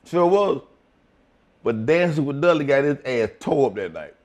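A man's voice: mid-range voice, big pitch swings, moderate pace, darkish tone. An older retired wrestler telling blunt, profane stories in an interview and acting out the lines of the people he quotes.

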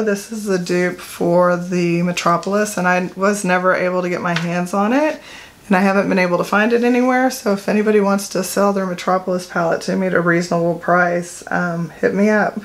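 This middle-aged woman talks about her makeup collection to camera in a casual, rambling way full of fillers and self-corrections. Her voice sits on the low side, with fairly even intonation and a normal speed.

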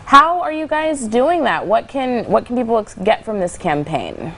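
A woman's voice: fairly high pitch, sing-song, moderate pace, creaky, a bit bright, husky. Enthusiastic woman hosting morning TV. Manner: enthusiastic, exclaiming. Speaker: morning TV host. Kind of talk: morning TV interview.

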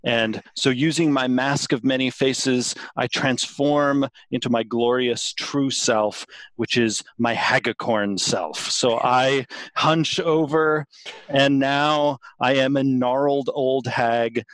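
A man's voice: mid-range voice, fairly even intonation, takes it slowly, fairly bright tone, no room sound. A man playing a tabletop game, playfully and theatrically describing his character's actions. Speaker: player.

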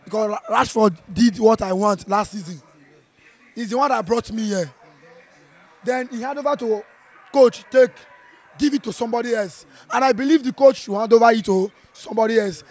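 A Nigerian man with a strained voice from shouting, reacting to a football match in an animated, playful way, slipping into Pidgin. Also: high voice, moderate pace. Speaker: football fan. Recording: outdoor viewing center.

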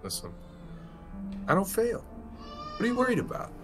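A man's voice: high voice, huge pitch swings, moderate pace, over music. A man playing in a tabletop game, talking in a laid-back, joking way. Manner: laid-back, laughing, with fillers. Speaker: player. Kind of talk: casual tabletop play.

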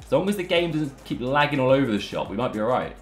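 A young man giving excitable live commentary on a football video game, full of banter and calling viewers lads and boys. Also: mid-range voice, fast talker. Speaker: gaming YouTuber. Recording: roomy echo, faint background music.

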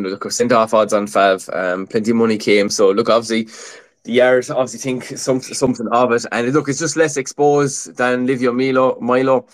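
A man co-hosting a casual horse racing preview, talking through tips with lots of "look" and "um". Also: mid-range voice. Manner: chatty, many fillers like "look" and "um". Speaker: racing tipster co-host.

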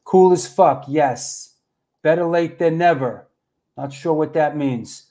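A man's voice: fairly high pitch, slow, mellow. A man hosting a casual livestream, chatting loosely with viewers and a guest, full of bro and yo. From New York. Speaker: host.

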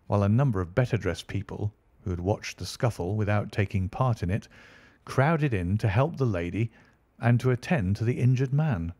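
Low-voiced male audiobook narrator. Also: no echo. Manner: steady, measured storytelling.

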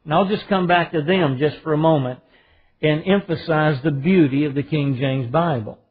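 A man's voice: on the high side, moderate pace. A man with a Southern US accent, a pastor preaching a sermon with emphatic stresses on key words. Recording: phone-like narrow band.

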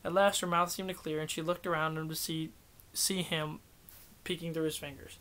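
A man reading a novel aloud as an audiobook, steady and self-correcting. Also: fairly high pitch, moderate pace. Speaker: audiobook reader.

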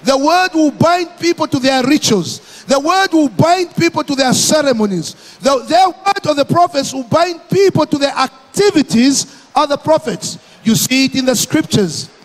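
A man from Malawi preaching a sermon as pastor, emphatic and deliberate, repeating his phrases for effect. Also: extremely high pitch, lively intonation, long reverb tail.

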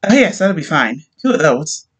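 A man doing a sweet, high-voiced young housewife. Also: sing-song, normal speed, fairly bright tone, breathy edge, heavily acted. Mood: bright, sweet. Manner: high, sing-song and chirpy.

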